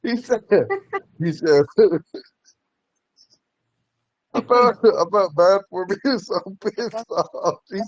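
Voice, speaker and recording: A man teaching a language class, telling stories in a relaxed way and laughing often. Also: high-pitched, takes it slowly, pauses often, no echo. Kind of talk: casual storytelling in class.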